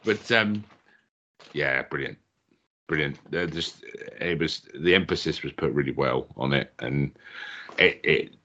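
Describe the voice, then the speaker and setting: An easygoing man co-hosts a podcast, chatting casually about a wrestling show and laughing often. His very deep voice moves at a measured pace and sounds pushed and bright, captured on a dull lo-fi mic.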